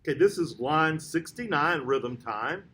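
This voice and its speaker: Guy teaching trombone, counts out loud, slow and patient, echoey room. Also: on the high side, expressive, a little hiss or hum. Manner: patient, counts aloud and names notes slowly. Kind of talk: step-by-step music lesson.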